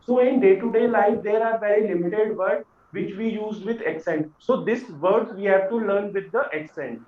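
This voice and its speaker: A man teaching a beginners' French lesson, patient and repeating words slowly for learners. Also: high-pitched. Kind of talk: classroom lesson explanation. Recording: echoey room, dull lo-fi sound.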